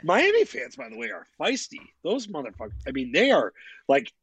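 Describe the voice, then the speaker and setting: A man's voice: sits high, huge pitch swings, fairly quick, vocal fry, a loud crowd. A man co-hosting a sports podcast in casual chat, blunt and opinionated, swearing freely. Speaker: podcast co-host.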